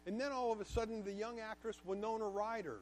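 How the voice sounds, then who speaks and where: Guest speaker, male, higher-pitched, emphatic and candid, personal storytelling to a class. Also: fairly even intonation, fast talker, a little hiss or hum. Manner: emphatic, candid, repeats words for stress.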